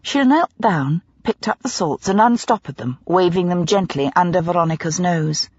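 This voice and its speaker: A woman narrating a mystery audiobook in a dramatic, expressive storytelling manner. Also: on the low side, moderate pace, breathy edge, dry recording, dull audio. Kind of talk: scripted narration.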